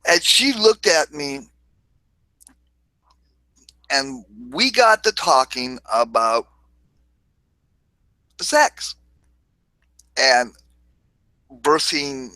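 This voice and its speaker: A man's voice: mid-range voice, lively intonation, extremely slow, long pauses, pushed and bright, no echo, low-quality recording. A man hosting a livestream, telling a rambling, crude story in a casual way, often laughing and swearing. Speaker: livestream host.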